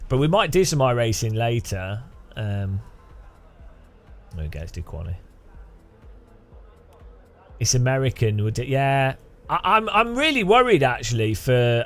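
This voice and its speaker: A man's voice: medium pitch, very animated, a little slow, pauses often, soft background music. Rambling, jokey man streaming. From United Kingdom. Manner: rambling, jokey, laughs often. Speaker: gaming streamer. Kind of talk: casual chat while sim racing.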